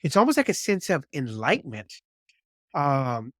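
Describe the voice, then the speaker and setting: A man hosting a podcast, asking reflective questions in a measured way. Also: mid-range voice, very animated, dry recording, studio quality. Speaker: podcast host. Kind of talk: interviewing.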